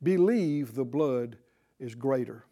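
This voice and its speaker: A man preaching a sermon with passion, swinging from loud exclamations to hushed prayer and leading the listeners in a spoken prayer. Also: medium pitch, lively intonation, slow pace. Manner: leads congregation in spoken prayer.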